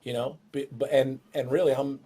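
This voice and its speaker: Warm and steady, this middle-aged man speaks at a normal pace while hosting his dog-training show. His tips on dogs and a new baby are casual and jokey, punctuated by shrill imitations of owners.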